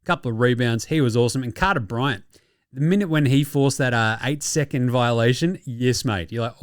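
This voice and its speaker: A young Australian man hosting a podcast, excitable and slangy, swearing freely in casual sports chat. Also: mid-range voice, normal speed, dry recording, studio quality. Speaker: podcast host.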